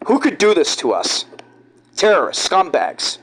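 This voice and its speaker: A man from giving rambling, halting, conspiratorial commentary over video clips. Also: sits high, huge pitch swings, fairly bright tone, slightly rough, poor audio. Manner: halting, restarts often, conspiratorial. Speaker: vlogger.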